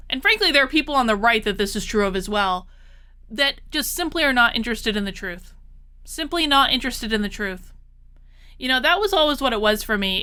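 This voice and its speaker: Woman vlogger, higher voice, smooth and clear, frustrated emphatic monologue. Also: bright, forceful tone. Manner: exasperated, repeats herself for emphasis. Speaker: political commentary vlogger.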